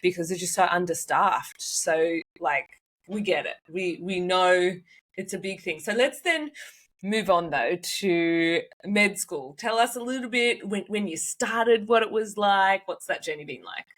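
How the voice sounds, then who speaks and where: A woman hosting a casual podcast interview, expressive and openly emotional as she asks questions. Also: lowish voice, measured pace. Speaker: podcast host.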